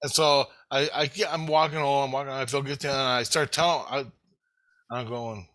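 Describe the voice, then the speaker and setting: A middle-aged man telling a rambling childhood story in casual chat, swearing constantly and acting out his own shouted thoughts. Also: mid-range voice, moderate pace. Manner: animated, swears constantly, shouts quoted self-talk. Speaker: storyteller guest.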